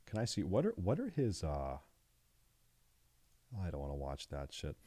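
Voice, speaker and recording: A man streaming live and reacting to videos in a loud, joking, profane way. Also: very deep voice, huge pitch swings, normal speed, long pauses, no room sound, clean studio sound.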